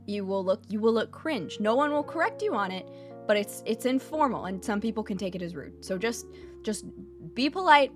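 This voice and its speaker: A woman's voice: mid-range voice, animated, moderate pace, faint music behind. A woman streaming a casual lesson, blunt and a bit profane, who repeats her points and keeps checking in with "okay?". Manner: repeats phrases for emphasis. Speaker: VTuber streamer teaching Japanese.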